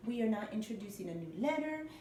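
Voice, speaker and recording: A woman's voice: medium pitch, lively intonation, quick pace, warm tone, a little hiss or hum. A woman teacher giving a morning lesson to young children, patient and spelling words out letter by letter. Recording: echoey room, mic at a distance.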